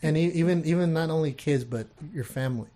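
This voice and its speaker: A man's voice: fairly high pitch, fast, warm tone. A man in his thirties, co-hosting a podcast, telling family stories in a loose way with swearing. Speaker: podcast co-host. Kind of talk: casual chat.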